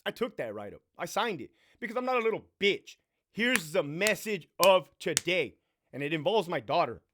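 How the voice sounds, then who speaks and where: Profane, animated man ranting a story. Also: normal speed. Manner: profane, animated, swings between loud bursts and low mutters. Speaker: vlogger telling a story. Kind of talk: casual storytime rant.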